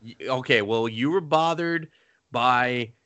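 A man in casual chat about a movie, joking and swearing in quick banter. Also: medium pitch, sharp tone, no room sound. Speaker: podcast co-host.

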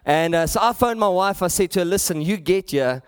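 A man's voice: high voice, lively intonation, a little fast, smooth, dry recording, clean studio sound. A middle-aged man with a South African accent, preaching a sermon with rising emphasis and repeated phrases. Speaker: pastor.

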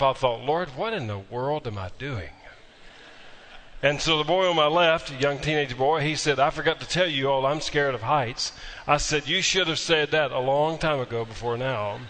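A man's voice: mid-range voice, normal speed, a bit bright, in a large hall. A man preaching a sermon as pastor, telling a humorous story before moving into emphatic preaching.

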